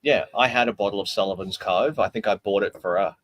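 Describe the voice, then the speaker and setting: An Australian man in relaxed casual chat, joking and swearing casually. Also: fairly low pitch, fast talker, low-quality recording.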